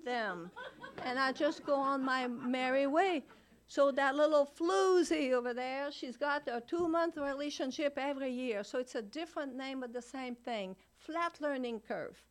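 An older woman speaking frankly at a recovery meeting, blunt and laughing often as she shares. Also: high voice.

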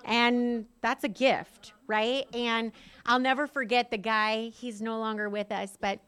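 A woman's voice: on the high side, little pitch movement, unhurried, fairly bright tone, clear, resonant tone. A woman sharing her recovery story in a candid, self-mocking way, laughing often and saying "like" a lot.

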